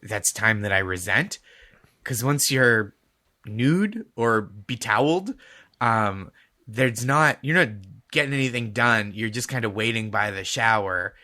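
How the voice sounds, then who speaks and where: Bright-voiced man telling a wry story. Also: on the low side, animated, measured pace, no room sound, clean studio sound. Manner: wry, chatty storytelling with frequent laughs. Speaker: comedian guest. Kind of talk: casual podcast chat over video call. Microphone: video call.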